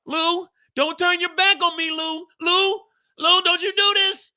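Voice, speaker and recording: A man's voice: very high-pitched, level tone, unhurried, sharp tone, pitched above the performer's own voice, heavily acted. A man putting on a desperate male record executive who begs in a frantic, whiny way. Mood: frantic pleading. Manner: frantic, whiny begging, repeating a name.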